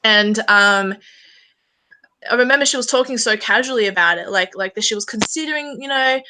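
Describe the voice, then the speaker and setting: A young woman hosts a casual interview, rambling through her stories with plenty of fillers. Her voice sits fairly high and rings bright. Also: fairly quick, low-quality recording. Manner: chatty, rambling, lots of fillers and likes.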